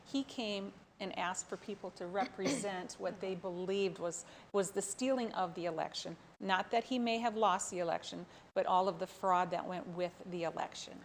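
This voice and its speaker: A woman's voice: medium pitch, moderate pace, few pauses. A woman host moderates the panel directly and keeps things moving. Her voice sits in a middle range, with faint noise behind it. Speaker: talk show host and moderator.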